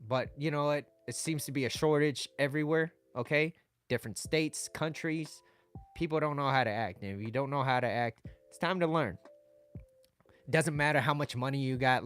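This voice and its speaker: A man's voice: mid-range voice, a bit bright. A man giving casual dating advice to his viewers, blunt and swearing, reading their chat comments aloud.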